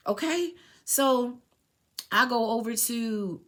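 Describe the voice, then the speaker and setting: Woman podcaster, bright forceful voice, animated storytelling, emphatic. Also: a little high, takes it slowly. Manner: emphatic, animated retelling with acted quotes. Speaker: podcast host. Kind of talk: personal storytelling.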